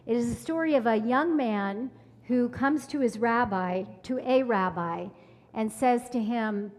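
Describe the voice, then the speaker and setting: A woman leading a synagogue service, telling a story in a measured sermon style. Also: a little high, a little mellow. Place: large synagogue sanctuary. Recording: reverberant sanctuary from afar.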